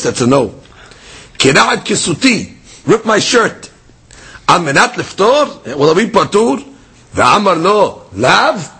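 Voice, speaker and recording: Male Talmud teacher, husky, lively delivery, slightly high voice. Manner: lively, conversational, switching between texts and plain explanation. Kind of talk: daily Talmud class.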